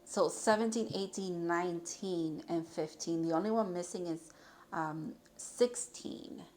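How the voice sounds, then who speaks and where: A woman's voice: fairly low pitch, measured pace, a little mellow, slight background noise. A young woman giving a casual tarot reading to her viewers, rambling and chatty with many fillers and restarts. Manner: chatty, rambling, with frequent fillers and self-corrections. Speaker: tarot reader.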